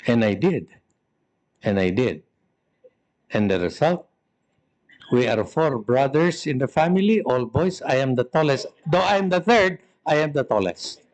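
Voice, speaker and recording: Joking Filipino priest telling stories. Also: male voice, fairly high pitch, expressive, moderate pace. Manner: humorous, self-mocking, conversational. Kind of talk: storytelling talk on forgiveness.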